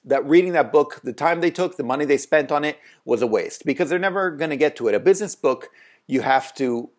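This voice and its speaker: Male host, mid pitch, loose rambling delivery, lots of ums and restarts. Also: a little mellow. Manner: rambling, conversational, many fillers and restarts. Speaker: translation agency owner, video host. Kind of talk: casual talking-head advice.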